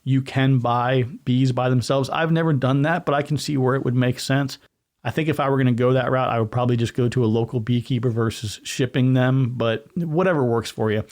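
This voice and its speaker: A man's voice: medium pitch, fairly even intonation, brisk, a little mellow. A man hosting a solo podcast in a casual, rambling, conversational way, often correcting himself mid-sentence and talking with his hands. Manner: gestures with hands while talking. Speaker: podcast host.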